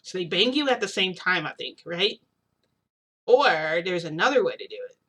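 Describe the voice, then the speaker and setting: A young woman tells a long personal story in a loose, chatty vlog style. Her voice is bright and forceful. She keeps filling with "like" and restarting her sentences as she goes. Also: on the low side, animated, moderate pace, breathy edge. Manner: rambling, heavy use of "like", frequent restarts. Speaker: vlogger. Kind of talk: casual storytelling.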